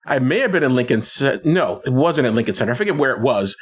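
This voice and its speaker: A man's voice: mid-range voice, breathy edge. A man co-hosting a podcast, retelling a film in casual chat with lots of restarts and laughs. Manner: animated, halting retelling with many restarts and laughs. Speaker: podcast co-host.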